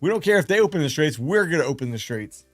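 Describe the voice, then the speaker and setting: Guy hosting a trading stream, slightly high voice, rambly and animated, faint music behind. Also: fast. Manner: rambling, animated, self-deprecating. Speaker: live trading stream host. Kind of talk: casual livestream chat.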